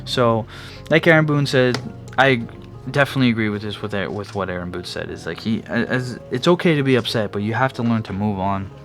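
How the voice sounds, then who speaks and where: A man's voice: on the low side, expressive, fairly quick, fairly bright tone. A young man hosting his own sports podcast, talking casually in a rambling way, with frequent restarts and fillers. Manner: yawning at times. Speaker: podcast host. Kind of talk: casual solo sports talk. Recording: faint background music.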